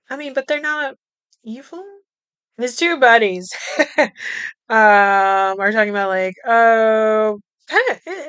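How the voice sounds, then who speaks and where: A young woman hosting a podcast, recapping a movie in a chatty way, with frequent laughs, swearing and quick asides. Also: fairly high pitch, fairly bright tone, clear, resonant tone, no room sound. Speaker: podcast host.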